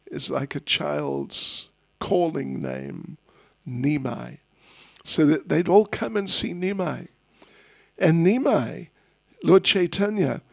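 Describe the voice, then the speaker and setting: A man giving a spiritual festival class, telling a story in an unhurried, anecdotal way and chuckling at his own asides. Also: on the high side, creaky, breathy edge, dry recording, studio quality. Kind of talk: storytelling sermon.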